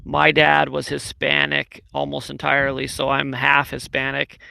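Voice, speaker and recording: Man, guest, casual chat, agreeable, gravelly voice. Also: mid-range voice, completely flat delivery, moderate pace, pushed and bright. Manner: agreeable, storytelling.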